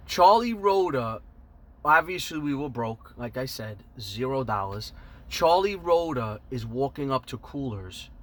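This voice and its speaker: A man telling a casual story in an animated, profane, emphatic way. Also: medium pitch, slight background noise. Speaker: storyteller host.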